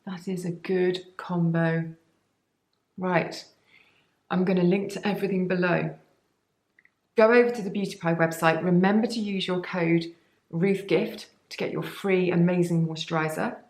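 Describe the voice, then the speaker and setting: A woman's voice: fairly low pitch, fairly even intonation, moderate pace, a little mellow, echoey room. A woman, a beauty vlogger, chatting to camera about products with enthusiasm and rambling, cheeky asides. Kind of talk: sponsored product chat to camera.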